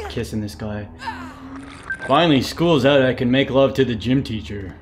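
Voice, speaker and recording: A young man streaming a game live, reacting excitably, swearing and laughing at what happens on screen. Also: mid-range voice, moderate pace, a little hiss or hum. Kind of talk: live gameplay commentary.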